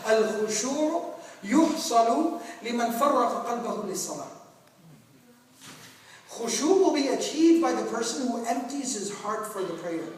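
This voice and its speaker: A man giving a mosque talk in a conversational, humorous way, asking the audience questions. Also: very high-pitched. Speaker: preacher. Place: mosque hall. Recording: echoey hall from far off, faint noise.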